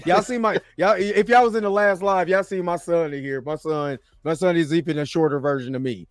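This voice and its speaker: High-voiced joking man host. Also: brisk, no room sound, studio quality. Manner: joking, giggly, animated. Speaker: podcast host. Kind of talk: casual banter about film news.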